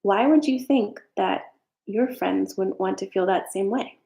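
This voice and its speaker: A woman's voice: mid-range voice, measured pace, creaky, warm tone, roomy sound. A woman doing a casual tarot reading on a live stream, earnest and reassuring, with some frank swearing. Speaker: tarot reader.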